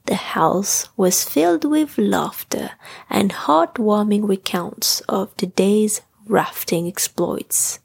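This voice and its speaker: Slow husky lady reading a bedtime story, soft and half whispered, gravelly. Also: mid-range voice.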